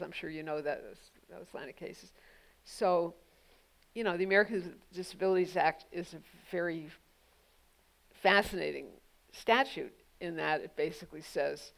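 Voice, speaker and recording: A woman's voice: lowish voice, gravelly, poor audio. A woman guest at a public onstage conversation, answering audience questions in a thoughtful, pointed way with frequent "you know" fillers. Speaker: guest speaker, legal journalist.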